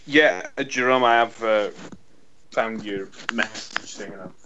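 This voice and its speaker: A man's voice: fairly low pitch, a little slow, pushed and bright. A man co-hosting a casual podcast, stammering and repeating words as he laughs along. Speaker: podcast co-host. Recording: slightly dull lo-fi mic.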